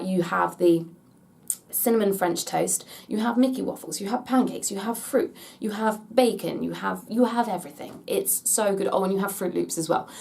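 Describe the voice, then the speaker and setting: Gushing English woman with a gravelly edge. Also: medium pitch, darkish tone. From England. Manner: chatty and gushing, thinks aloud. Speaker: theme park vlogger. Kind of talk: casual Q&A vlog.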